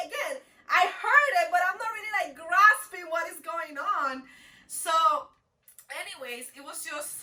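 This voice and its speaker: High, bright-voiced young woman vlogger. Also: lively intonation, unhurried. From Dominican Republic. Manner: chatty, lots of "like" and restarts. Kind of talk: casual storytime chat.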